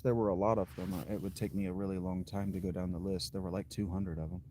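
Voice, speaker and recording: A man with a lowish, mellow voice hosts a livestream, answering his chat in a slow, dry, blunt way. He thinks out loud, trailing off and restarting his sentences. A faint hiss of noise sits under the recording. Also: level tone. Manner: unhurried, thinks aloud with fillers and restarts. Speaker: livestream host. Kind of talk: casual chat reading viewer comments.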